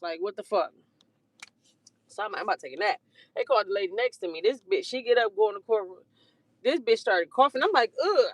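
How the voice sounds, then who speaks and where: Young storyteller going off, cussing a lot, loose and animated, medium pitch, dry sound. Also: no room sound. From Detroit. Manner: rambling, profane, animated retelling. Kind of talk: casual storytime monologue.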